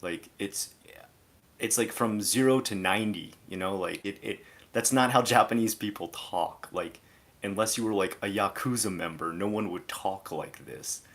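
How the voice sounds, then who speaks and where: A man's voice: fairly low pitch, moderate pace, fairly bright tone. A man streaming live, giving a casual, exasperated commentary rant that is full of "like" fillers.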